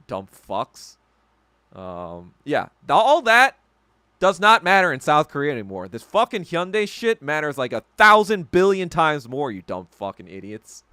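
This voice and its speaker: A podcast host with a mid-range voice rants and swears while reacting to viewer comments in casual livestream chat, laughing often. The recording is dry.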